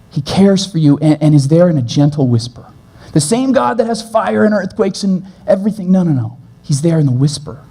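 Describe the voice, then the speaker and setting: A male pastor delivering a sermon in a church, his voice mellow and a touch higher than most men's. He speaks earnestly, sometimes hurrying through a point and then slowing right down to land a gentle line. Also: slightly rough. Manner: earnest, shifts between brisk and slow gentle delivery.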